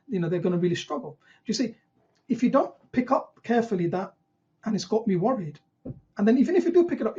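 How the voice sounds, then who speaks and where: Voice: mid-range voice, darkish tone, highs cut off. A GP trainer teaching an online session, who asks rhetorical questions and acts out what patients might say.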